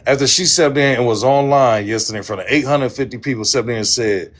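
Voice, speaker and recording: A man's voice: medium pitch, quick pace. A man hosting a livestream, ranting angrily and swearing heavily, repeating himself as he tells his side of an online feud. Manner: heated, profane, repetitive. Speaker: livestream host. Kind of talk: angry livestream rant.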